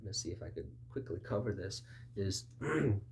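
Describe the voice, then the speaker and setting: A man's voice: expressive, moderate pace, creaky. Conversational male preacher, faint hum. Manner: conversational, acts out both sides of dialogues with raised pitch. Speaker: pastor. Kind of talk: sermon.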